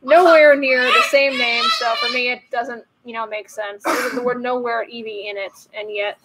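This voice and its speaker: A woman's voice: fairly high pitch, steady tone, normal speed, very noisy. Chatty, playful woman host opening cards. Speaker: host of a card-opening channel. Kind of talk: casual card-opening commentary.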